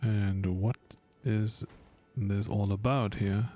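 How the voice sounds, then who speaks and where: A man's voice: on the low side, fairly even intonation, takes it slowly, mellow, soft background music. A man streaming a video game, rambling casually and chatting with his viewers as he plays. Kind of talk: casual live-stream commentary while gaming.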